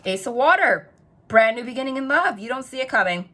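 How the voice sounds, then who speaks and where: A woman reading tarot in a casual vlog, chatty and rambling, telling animated stories full of quoted dialogue. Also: a little high, brisk. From New Jersey. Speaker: tarot reader.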